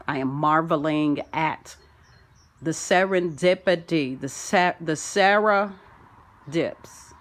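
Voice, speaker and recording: A woman delivering a rambling spiritual monologue, full of wordplay and sing-song turns, swinging from loud declarations to soft asides. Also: deep voice. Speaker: spiritual self-help vlogger. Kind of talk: rambling spoken-word monologue.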